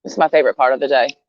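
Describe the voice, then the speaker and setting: A woman's voice: deep voice, darkish tone, no echo. A woman venting in a casual rant to camera, blunt and sarcastic, swearing freely and laughing between jabs. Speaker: vlogger. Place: outdoors, sitting under a tree. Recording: dull, lo-fi sound.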